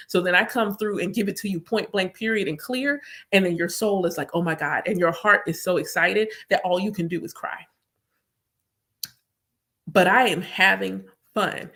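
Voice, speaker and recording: Woman spiritual reader chatting to viewers, emphatic, says stuff twice, mid pitch. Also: fairly bright tone. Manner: chatty, emphatic, repeats herself. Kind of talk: casual live chat to viewers.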